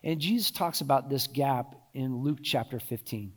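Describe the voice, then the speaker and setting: A man's voice: mid-range voice, normal speed. A married man preaching a sermon in a conversational way, with frequent asides and small restarts. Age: adult, married. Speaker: pastor.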